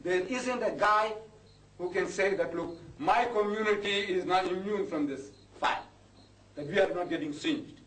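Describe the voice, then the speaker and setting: Impassioned older preacher in an echoey hall. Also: male voice, sits high, normal speed, a bit bright. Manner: impassioned, rising to indignant outbursts. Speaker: Muslim preacher. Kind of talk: lecture to a live audience. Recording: echoey hall, distant mic, faint noise.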